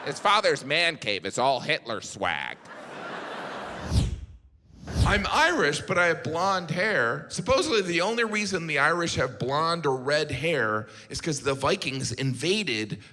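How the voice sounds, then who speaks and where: A man doing a stand-up comedy routine on a theater stage, deadpan, with mocking asides. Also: a little high. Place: large theater stage before a live audience. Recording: live hall reverb with audience noise. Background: audience laughter.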